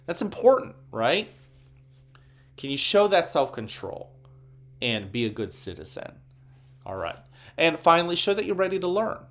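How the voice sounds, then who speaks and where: Calm, encouraging male school principal. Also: fairly high pitch. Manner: calm, slow guiding voice during breathing; upbeat, encouraging address to children. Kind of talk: morning announcements with guided breathing.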